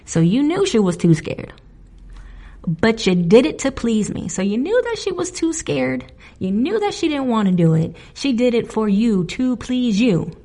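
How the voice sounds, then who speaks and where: A woman hosting a music podcast alone, talking in a casual, animated way, laughing often and getting indignant. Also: a little high, unhurried. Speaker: podcast host. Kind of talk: casual solo podcast commentary.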